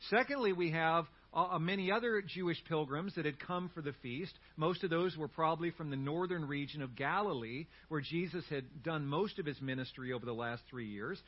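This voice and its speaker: A man preaching a sermon as pastor, telling a story in an animated way with humorous asides. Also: fairly high pitch, a little fast, hardly any pauses, husky, highs cut off.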